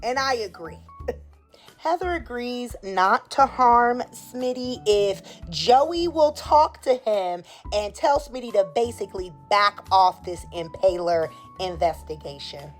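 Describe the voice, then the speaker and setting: A woman's voice: medium pitch, expressive, takes it slowly, soft background music. A woman casually recapping a soap opera episode in a sassy, opinionated way and acting out the characters' lines. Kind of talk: casual chat.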